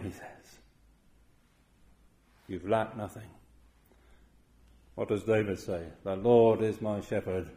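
A male pastor delivering a sermon at an unhurried pace. His pitch sits in an ordinary middle range, and he leans on quoted verses with deliberate emphasis. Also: a little mellow. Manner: measured, emphatic preaching with slow quoted verses.

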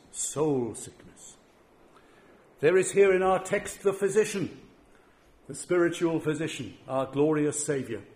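A man delivers a sermon in a fairly high voice. He speaks earnestly, often repeating a word before pressing on with his point. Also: darkish tone. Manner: earnest, repeats words while building a point. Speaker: preacher.

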